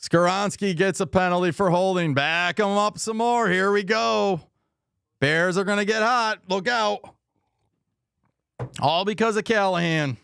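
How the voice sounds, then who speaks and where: A man's voice: sits high, unhurried, gravelly, fairly bright tone, clean tone, no echo, studio quality. Frustrated man hosting a game watch party. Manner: frustrated, rambling, reads viewer comments aloud. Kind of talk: live game commentary and chat.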